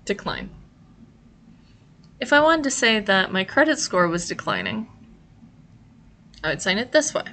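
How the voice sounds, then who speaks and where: A woman's voice: mid-range voice, sing-song, a little slow, pauses often, pushed and bright, slight background noise. Patient woman teaching a lesson. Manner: clear, patient, step-by-step. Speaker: sign language teacher. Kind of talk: instructional explanation.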